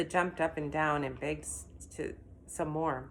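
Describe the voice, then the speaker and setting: A woman reading a children's story aloud in an expressive, animated way. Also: low voice, a little slow, a little hiss or hum. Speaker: reader.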